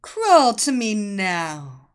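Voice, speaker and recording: A sultry, seductive temptress who gives orders in a slow, purring drawl, as a woman narrator puts her on. Her pitch swoops freely as she toys with her listener. It is an audiobook character voice. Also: very animated, smooth. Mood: sultry, commanding.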